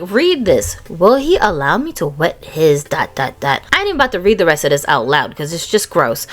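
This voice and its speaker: A woman's voice: a little high, fairly bright tone. A woman from the United States giving reaction commentary in an online vlog, talking casually with exclaiming, indignant asides.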